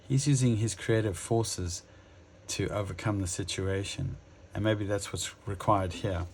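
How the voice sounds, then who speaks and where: A man giving a casual tarot reading to his viewers, musing aloud with many pauses and restarts. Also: lowish voice. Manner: addresses viewers directly. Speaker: tarot reader.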